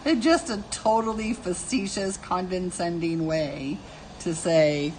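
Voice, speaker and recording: A woman's voice: on the low side, slow pace, darkish tone, a little hiss or hum, poor audio. A woman in her fifties chatting casually on a live stream while she draws, chatty and self-mocking, laughing often. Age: 50s. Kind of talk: casual chat while drawing.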